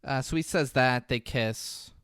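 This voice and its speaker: A man's voice: medium pitch, a little slow, fairly bright tone, clean tone, no room sound, clean studio sound. A man co-hosting a podcast, retelling a movie scene by scene with playful quoted voices and casual swearing. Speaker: podcast co-host. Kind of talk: casual movie recap chat.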